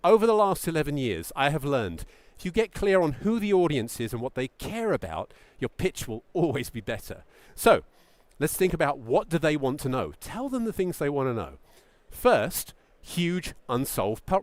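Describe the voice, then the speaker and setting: A middle-aged man coaching founders from the stage, his voice sitting a bit high and swinging widely in pitch as he stresses key words. The sound is dry and close, with no room echo. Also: normal speed, few pauses. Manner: animated, emphatic, acts out mock founder quotes. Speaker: pitch coach giving a talk. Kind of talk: presentation talk to founders.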